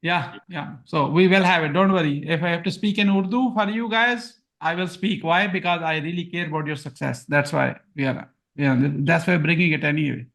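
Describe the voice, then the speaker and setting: A man's voice: a little high, a little fast, vocal fry, hardly any pauses, fairly bright tone. A man with a Punjabi accent hosting a live course Q&A, repeating himself and reading chat comments aloud. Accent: Punjabi-accented English. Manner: self-deprecating, repetitive, reads chat aloud. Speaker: course host. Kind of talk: live Q&A webinar.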